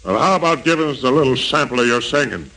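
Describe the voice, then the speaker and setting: An actor playing a tough, domineering smuggler boss in a 1940s radio drama. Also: male voice, mid-range voice, lively intonation, quick pace, pushed and bright, rough recording. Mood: menacing. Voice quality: gravelly and domineering. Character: tough, menacing adult male smuggler boss.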